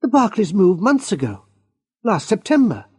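A man's voice: sits high, sing-song, moderate pace, mellow, husky, voice pushed up, exaggerated voice. A man voicing an amused young wife who speaks in a pointed, teasing way, in a raised voice.

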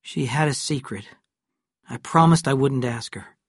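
A hurt, dazed young husband, as a male narrator reads him, answering in a soft, faltering voice. The slow, husky delivery sounds close and dry. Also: mid-range voice, no room sound. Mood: quiet, dazed.

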